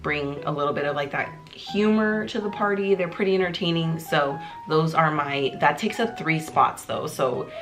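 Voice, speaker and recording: A woman's voice: low-pitched, normal speed, hardly any pauses. A woman hosting her own video in a bubbly, jokey casual chat, full of little fillers. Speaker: YouTuber host. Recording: clear background music under the voice. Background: music playing in the background.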